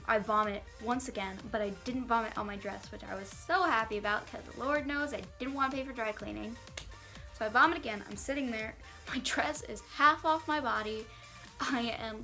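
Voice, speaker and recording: Young woman vlogger, bright forceful voice, lively storytime delivery over soft music. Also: fairly high pitch. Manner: animated storytelling, quoting others in acted voices. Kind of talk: storytime vlog. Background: faint background music.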